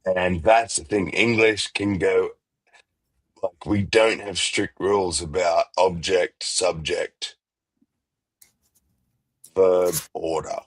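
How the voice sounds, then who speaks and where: A man in casual conversation, relaxed and profane, often laughing. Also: low voice, takes it slowly, pauses often, dry recording. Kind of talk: casual chat.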